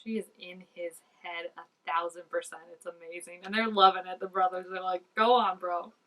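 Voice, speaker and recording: A woman giving casual, excitable reaction commentary, full of "like" and dropping into soft asides. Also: fairly low pitch, a little fast, far from the mic, rough recording. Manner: chatty and excitable, peppered with "like", drops to soft asides. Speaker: reaction video host.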